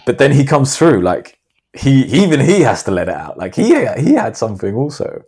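A man hosting a podcast, telling a long story in a rambling, animated way. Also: mid-range voice, normal speed, husky. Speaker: podcast host. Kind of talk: casual podcast chat.

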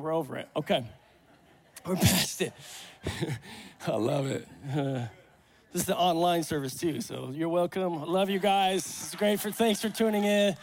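A man preaching a sermon at a church service, animated and joking, acting out the voices in the Bible stories. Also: sits high. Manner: animated, acts out Bible voices, jokes with congregation. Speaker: pastor.

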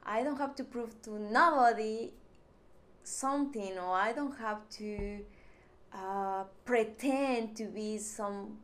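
A Mexican-accented woman speaks English at an unhurried, deliberate pace. Spanish is her first language, and she searches earnestly for her words. She talks to camera in a personal vlog. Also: mid-range voice, a bit bright.

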